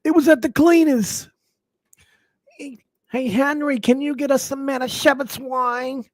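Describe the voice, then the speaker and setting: Brief: a man putting on a high, nasal New York character, jokey and overdone, dry sound. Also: steady tone, unhurried, no echo. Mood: comic. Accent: New York, put on.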